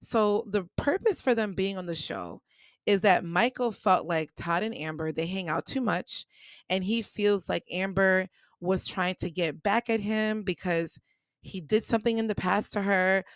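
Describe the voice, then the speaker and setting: A woman's voice: lowish voice, measured pace, no room sound. A woman hosting a personal podcast, telling a story in a candid, casual way, often repeating herself as she talks through her grief. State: grieving. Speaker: podcast host.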